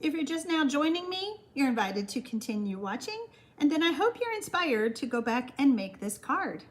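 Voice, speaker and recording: An older woman with a Texan accent leads a live-streamed card-making class and chats easily between the steps. Her voice sits a little high for a woman. She reads out viewers' comments and answers each one directly. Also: very animated, moderate pace. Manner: chatty, reads viewer comments aloud and answers them warmly.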